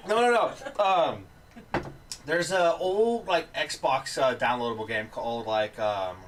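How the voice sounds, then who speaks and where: A man's voice: medium pitch, a little slow. A man co-hosting a podcast, telling profane stories in casual chat. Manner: profane, animated storyteller. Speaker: podcast co-host. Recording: distant mic with faint noise.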